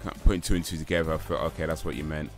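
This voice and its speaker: A man's voice: extremely low pitch, flat delivery, very fast, over music. A man chatting casually with viewers while streaming a game, rambling as he reacts to their messages. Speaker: livestreamer. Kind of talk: casual gaming stream chat.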